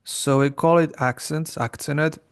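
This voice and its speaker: Male podcast co-host, gravelly voice, casual explainer. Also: on the high side, steady tone, normal speed. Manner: explains plainly, with fillers and restarts. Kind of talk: casual educational chat.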